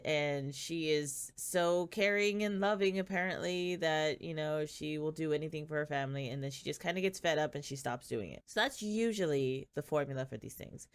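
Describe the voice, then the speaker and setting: A woman with a fairly low voice chats through a drama recap for her channel. Her delivery is wry and sardonic, loose and conversational, and often breaks into laughter. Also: clear, resonant tone. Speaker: channel host. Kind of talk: casual drama recap vlog.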